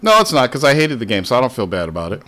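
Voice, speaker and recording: A man's voice: mid-range voice, wildly swooping pitch, very fast, pushed and bright. Male podcast host, blunt and profane, casual argumentative banter.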